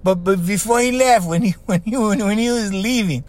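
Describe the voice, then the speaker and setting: An older man with a Hawaiian accent, hosting a podcast and telling a story in a slangy, animated way with lots of repeats. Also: sits high, moderate pace. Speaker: podcast host. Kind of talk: casual storytelling.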